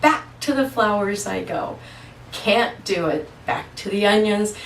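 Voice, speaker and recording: A woman holistic practitioner telling personal stories in a casual monologue, slow, emphatic and earnest. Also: mid-range voice, expressive, vocal fry, distant mic, slight background noise. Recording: echoey room, voice away from mic.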